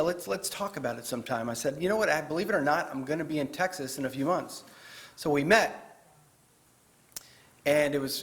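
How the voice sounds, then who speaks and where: A man's voice: mid-range voice, fairly bright tone. A man giving a chatty, joking talk as a guest author to a live audience in a parish hall. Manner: chatty, joking, with fillers and restarts.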